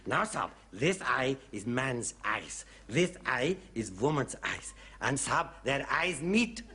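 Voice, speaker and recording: An actor playing a chatty, eager older Indian bearer who speaks theatrical broken English with an Indian accent, in 1970s sitcom style. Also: male voice, medium pitch, sing-song, slow pace, sharp tone, slight background noise, exaggerated voice.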